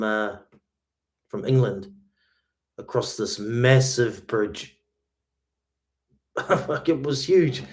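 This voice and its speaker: His voice is a little high and a little mellow as he hosts a guitar livestream. Relaxed and chatty, he responds to viewers' comments, sprinkling in "man" and "mate."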